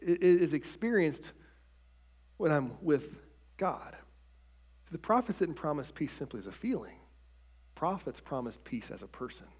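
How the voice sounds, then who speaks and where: A man with a mid-range voice preaches a sermon earnestly. He often repeats words as he begins a phrase and drops to a soft, quiet voice on key points.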